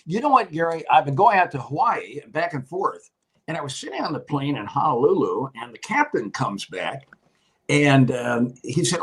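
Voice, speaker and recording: An older man with a slightly husky, somewhat high voice spins anecdotes in a relaxed chat. His pitch swings a lot as he acts out the stories, and he often laughs along with them. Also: moderate pace, poor audio. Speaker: guest, retired TV meteorologist. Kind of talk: casual storytelling chat.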